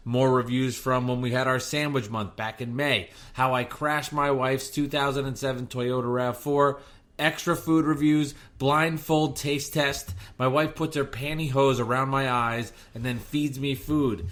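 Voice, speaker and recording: Recording from his home garage, a podcast host in his 30s mixes casual chat with host-read ads, joking and poking fun at himself. He speaks at a measured pace in a steady, medium-pitched voice that's a bit bright.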